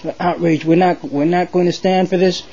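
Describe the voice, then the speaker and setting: A man voicing a group of indignant male lawmakers, pitching his voice up into a sputtering protest. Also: little pitch movement, brisk, vocal fry, warm tone, lo-fi sound. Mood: outraged.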